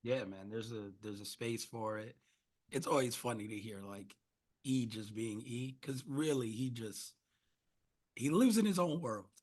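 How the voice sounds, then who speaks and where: A man co-hosting a podcast, relaxed in casual chat and laughing easily. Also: mid-range voice, unhurried. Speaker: podcast co-host.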